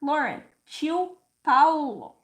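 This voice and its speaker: A woman hosts a casual livestream, chatting and telling stories in a high, very animated, slightly bright voice. She leans heavily on "like" as a filler, and at times slows down to explain things thoughtfully.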